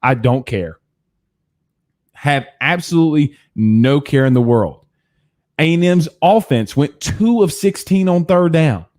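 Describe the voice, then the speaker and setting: A man's voice: on the high side, animated, measured pace, darkish tone. A man hosting a postgame sports show, ranting angrily with heavy cursing. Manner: cursing, heated and exasperated. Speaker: sports talk show host. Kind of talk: angry postgame rant.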